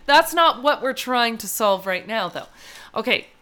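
A woman's voice: fairly high pitch, lively intonation, a little slow, a bit bright. A middle-aged woman co-hosting a casual chat, telling stories at length and laughing often. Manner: chatty storyteller, laughs often. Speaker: podcast co-host.

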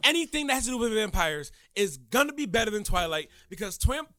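A young man co-hosting a casual podcast, talking animatedly with loud outbursts, frequent swearing and laughter. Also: sits high, sing-song, a little fast. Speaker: podcast co-host and impressionist.

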